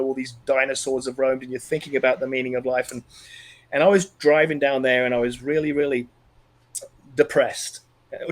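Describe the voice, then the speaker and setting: A middle-aged Australian man telling a personal story in an interview, earnest and animated, often restarting sentences. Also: mid-range voice. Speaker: podcast guest.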